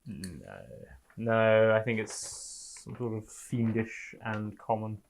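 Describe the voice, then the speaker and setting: A man's voice: on the low side, animated, takes it slowly, gravelly, slight background noise. A man playing a tabletop game, talking playfully and laughing often. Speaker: player. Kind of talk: casual tabletop play.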